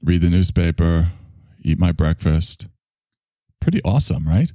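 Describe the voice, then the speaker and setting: A man's voice: sits low, lively intonation, a little slow, dark tone, no room sound, clean studio sound. A man, a spiritual teacher, telling a rambling, digressive story in a casual monologue, swearing now and then.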